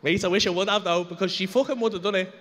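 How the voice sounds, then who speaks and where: A man telling a stand-up comedy story on a club stage, animated and full of swearing, acting out the dialogue. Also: high-pitched, rapid-fire.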